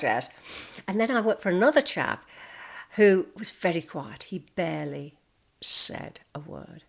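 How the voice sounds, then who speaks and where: A woman's voice: low-pitched, fairly bright tone. An older woman telling stories about her working life in a chatty monologue, acting out the people she quotes. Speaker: vlogger. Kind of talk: casual storytelling monologue.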